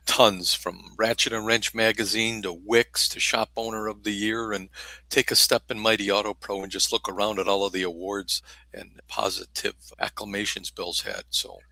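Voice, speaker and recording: An older man with a gravelly, low voice that has a bright, forceful edge, recorded dry and close. He talks as a podcast guest in a folksy, self-deprecating way. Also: little pitch movement, moderate pace, no echo, low-quality recording. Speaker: panel guest, shop owner and trainer. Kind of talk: casual podcast interview.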